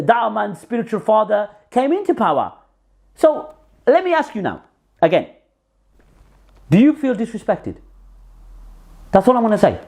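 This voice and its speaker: A man's voice: sits high, vocal fry, darkish tone. A man recording a heated video message that speaks straight to another person. He repeats his points for emphasis, and his speech is full of fillers and restarts. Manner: frequent filler words and restarts. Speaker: Muslim commentator. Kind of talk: direct-address video message.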